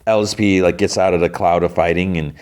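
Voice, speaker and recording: A man's voice: low voice, steady tone, a little fast, a little mellow, clear, resonant tone. A male podcast host giving a loose, rambling retelling of an episode. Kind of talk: casual episode recap.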